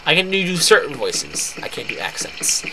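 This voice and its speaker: A tired let's play host rambles through casual commentary on a farming game, poking fun at himself and restarting his sentences often. His fairly high voice swoops wildly in pitch at normal speed, over loud game music.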